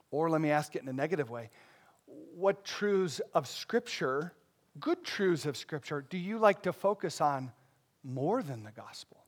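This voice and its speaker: A man preaching a sermon in a conversational way, asking the congregation questions and rising into emphatic bursts. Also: on the high side. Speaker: pastor.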